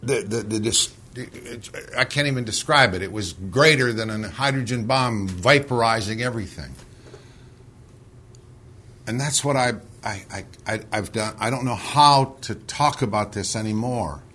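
Earnest, pressing low-voiced man. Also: measured pace, sharp tone, slightly rough. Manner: earnest, pressing, repeats words when urgent. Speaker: Bible study leader. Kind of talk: scripture reading and heated discussion.

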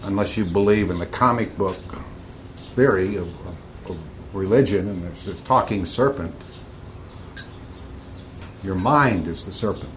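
A man's voice: sits low, unhurried, pauses often, slight background noise. A man giving informal Bible teaching to a group, emphatic, repeating key words and bantering with his listeners.

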